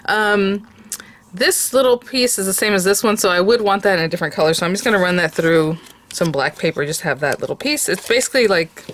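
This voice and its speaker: A woman hosting a card-making tutorial, chatty and rambling, with many fillers and self-corrections. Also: lowish voice. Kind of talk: casual crafting tutorial.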